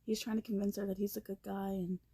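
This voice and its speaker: A young woman casually recapping a movie while she watches it at her computer, blunt and profane, with animated reactions and quiet asides. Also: medium pitch, quick pace, husky.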